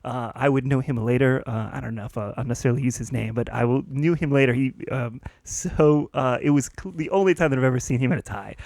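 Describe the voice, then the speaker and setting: A man on a comedy podcast telling a long story with lively energy and laughing at his own punchlines. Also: medium pitch, quick pace, vocal fry, few pauses, no room sound, studio quality. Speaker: podcast co-host. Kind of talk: casual storytelling.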